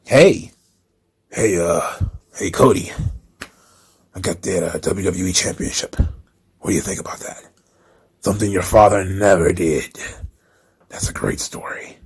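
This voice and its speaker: A man putting on a low, half-whispered drawl as a scheming older wrestling boss. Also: measured pace, creaky, long pauses, a little mellow, slightly rough, exaggerated voice. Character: gravelly old male wrestling boss, scheming.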